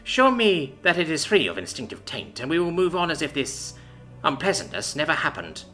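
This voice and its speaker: A man voicing an imperious female dragon ruler who speaks in a measured, silky, threatening way. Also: on the high side, wildly swooping pitch, sharp tone, voice pushed up, heavily acted. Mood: cool menace. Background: faint background music.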